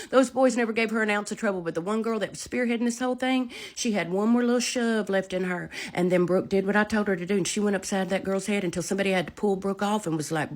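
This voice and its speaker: A middle-aged woman telling a story, animated and folksy, with a medium-pitched voice. She swings between a hushed, low delivery and loud, punchy, acted-out lines. Her storytelling is casual and dramatic. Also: fast talker. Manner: animated, dramatic, folksy, full of reenacted quotes.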